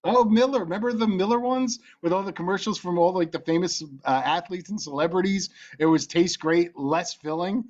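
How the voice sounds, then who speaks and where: A man with a fairly high voice co-hosts a casual podcast, chatty and quick to laugh, pausing with ums and uhs. The sound is dull and lo-fi. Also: a little mellow. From Virginia. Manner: chatty, laughs often, hesitant with fillers. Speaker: podcast co-host. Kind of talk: casual chat.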